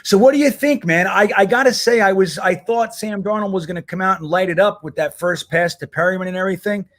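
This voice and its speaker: A man's voice: high voice, quick pace, fairly bright tone. A man hosting a casual livestream, talking loosely and rambling, swearing now and then. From United States. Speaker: host.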